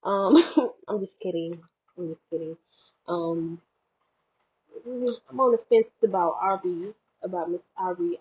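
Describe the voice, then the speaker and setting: A young woman chats slowly and loosely, her husky voice drifting through fillers and self-mocking jokes. The sound is thin and phone-like, as if coming through a cheap headphone mic. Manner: rambling, filler-heavy, jokey and self-mocking. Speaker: vlogger. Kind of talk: casual chat. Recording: tinny low-quality headphone mic.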